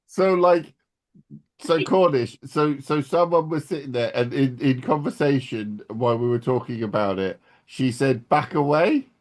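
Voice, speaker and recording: A man's voice: mid-range voice, measured pace, darkish tone. A man telling a casual anecdote at a game table, rambling with many restarts.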